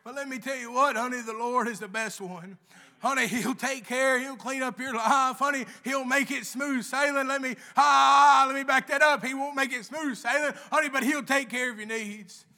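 A man preaching in church with a strikingly high, thin voice. He delivers a fervent sermon, calls everyone "honey" again and again, and climbs into shouts. His tone stays sharp and piercing throughout. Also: normal speed. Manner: fervent, keeps repeating "honey", rising to shouts. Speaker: lay preacher.

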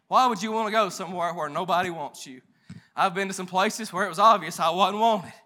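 A man preaching a sermon with passion, dropping to hushed tones and rising to shouts, his voice straining. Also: high voice, brisk. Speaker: pastor.

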